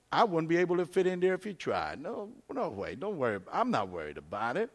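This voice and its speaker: A man's voice: a little high, huge pitch swings, moderate pace, voice pushed up, heavily acted. A man voicing a careless farm pig who laughs off danger with mocking bravado, inside a sermon story. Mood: scoffing. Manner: scoffing, mocking reassurance. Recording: long hall reverb.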